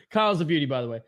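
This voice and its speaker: A man hosting a live hockey watch-along stream, giving casual play-by-play and joking and swearing while reading chat aloud. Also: a little high. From Canada.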